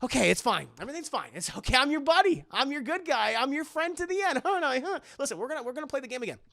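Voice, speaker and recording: A man putting on a foul-mouthed killer doll, friendly one moment and cursing the next. The voice is gravelly and bright, with a sharp bite on every threat. It is a bullying little toy with a filthy mouth. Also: very high-pitched, sing-song, racing, no echo, clean studio sound, pitched above the performer's own voice, exaggerated voice. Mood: menacing. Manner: swearing, threatening, mock-friendly.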